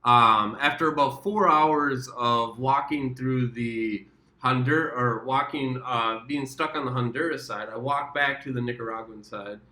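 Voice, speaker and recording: A man's voice: medium pitch, a little slow, bright, forceful tone. A man from the United States telling a rambling, profane travel story in a casual vlog, often correcting himself mid-sentence. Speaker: travel vlogger. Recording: roomy echo.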